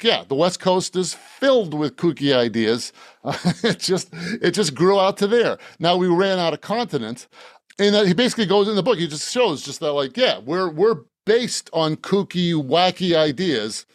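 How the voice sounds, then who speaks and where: Guy from boston rambling and laughing a lot, kinda high voice, dry close sound. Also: dry recording. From Boston, Massachusetts. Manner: rambling, self-mocking, laughs often, many restarts. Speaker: author guest. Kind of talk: casual podcast interview.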